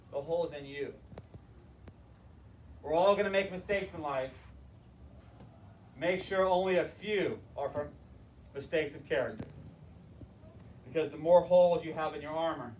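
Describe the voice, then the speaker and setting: Animated storytelling male teacher. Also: high-pitched. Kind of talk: classroom lecture with storytelling. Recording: roomy, distant mic, faint noise.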